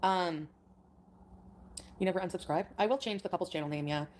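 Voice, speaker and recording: A woman's voice: on the low side, brisk, a little mellow, a little hiss or hum. A woman streaming live, chatting hesitantly and rambling as she reads out her chat.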